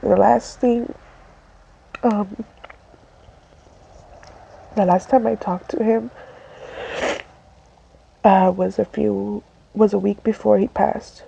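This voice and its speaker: A woman tells a personal story while crying, her voice gravelly and mellow. She speaks slowly and haltingly, breaking off and starting over. The recording is dull and lo-fi, with faint noise behind her. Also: medium pitch. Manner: tearful, halting, with many restarts. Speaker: vlogger.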